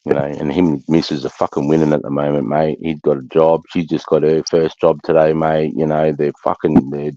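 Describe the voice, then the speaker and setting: A man's voice: extremely low pitch, level tone, a little fast, few pauses, warm tone, no echo. An Australian man speaking in a blunt, sweary, matey way in casual chat, with a dull lo-fi sound. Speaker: veteran guest.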